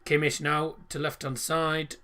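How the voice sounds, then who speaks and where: A man's voice: fairly high pitch, little pitch movement, unhurried, pushed and bright. A young British man from the United Kingdom casually commentating a football match on a live stream and chatting with viewers. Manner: chatty, reads out viewer comments and answers them.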